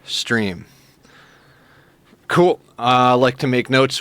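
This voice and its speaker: A man streaming a game speaks slowly with frequent pauses, his medium-pitched voice clear, resonant and fairly bright. In this casual live-stream chat he thanks viewers and reads their messages, often laughing and using plenty of fillers.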